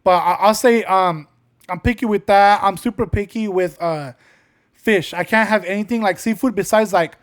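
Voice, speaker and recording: Young man, high voice, podcast co-host, rambling storyteller, swears a lot. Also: moderate pace. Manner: rambling storyteller, swears often, acts out quotes. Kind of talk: casual podcast chat.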